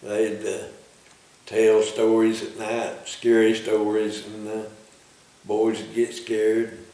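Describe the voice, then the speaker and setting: A man with a low, very flat voice recalls his scouting days plainly. Heavy echo surrounds him. The mic is far from him. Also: slow pace. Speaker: interviewee, former scout leader. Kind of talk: reminiscing interview. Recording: very echoey room, distant mic.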